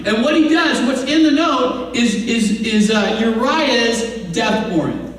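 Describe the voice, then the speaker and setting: A man preaches a sermon in a relaxed, storytelling way, tossing in asides to the congregation. His voice sits very high for a man. The sound comes from far off in an echoey church hall, with a faint hum of room noise behind it. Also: moderate pace. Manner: conversational storytelling with frequent asides; acts out quoted voices. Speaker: pastor. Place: church sanctuary.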